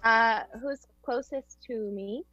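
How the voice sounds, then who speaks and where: A woman playing a tabletop role-playing game, speaking in a deliberate way. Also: on the high side, lo-fi sound, faint music behind. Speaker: player.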